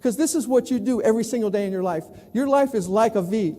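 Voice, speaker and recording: A man from New York tells stories on a conference stage and acts out the voices of the people he quotes. His voice sits high but sounds deep and mellow in tone. The sound has the long reverb of a large hall. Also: fast. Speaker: plenary speaker. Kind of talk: conference keynote storytelling.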